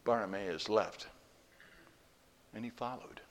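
A man preaching a sermon and telling a story, moving between hushed, quiet lines and loud, emphatic ones. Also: lowish voice, slow, a little hiss or hum. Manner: animated, swings from hushed to loud. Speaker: pastor.

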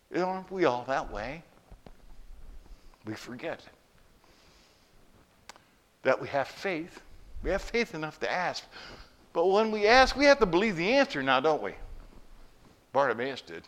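A man preaching a sermon and telling a story, moving between hushed, quiet lines and loud, emphatic ones. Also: fairly high pitch, a little slow, long pauses. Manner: animated, swings from hushed to loud. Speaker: pastor.

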